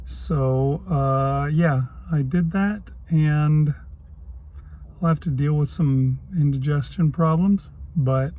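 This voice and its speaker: A man's voice: on the high side, takes it slowly, phone-quality sound. A man keeping a casual video diary. He talks candidly, is self-deprecating and chuckles often. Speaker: vlogger.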